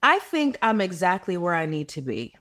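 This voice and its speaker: A woman in a sit-down interview, speaking gently and candidly. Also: on the low side, big pitch swings, moderate pace, no room sound.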